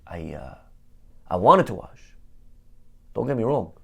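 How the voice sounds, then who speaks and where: A man's voice: lowish voice, sing-song, unhurried, creaky, fairly bright tone, breathy edge, voice pushed down, heavily acted. A man voicing a panicked, sheepish religious man who stammers and pleads as he confesses to a rabbi. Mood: sheepish pleading.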